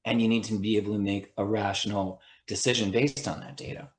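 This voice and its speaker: Appearing as a podcast guest, this attorney and mediator speaks in a fairly low, flat voice at a slightly fast clip, with reverb around him. He lays out his thinking earnestly in an interview, frequently asking "right?" and starting sentences over.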